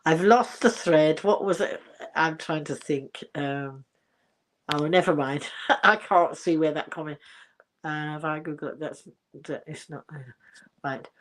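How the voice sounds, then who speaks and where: A woman's voice: sits low, fairly even intonation, slow, long pauses, fairly bright tone. Older woman chatting casually on livestream. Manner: rambling and chatty, many fillers and restarts; reads out viewer comments. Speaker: livestream host.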